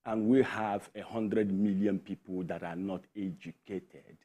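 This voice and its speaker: Speaking in a low, fairly even, slightly slow voice with a dark tone, this Nigerian-accented man is a tech education founder appearing as a guest in a studio interview. He makes his point emphatically, backing it up with figures.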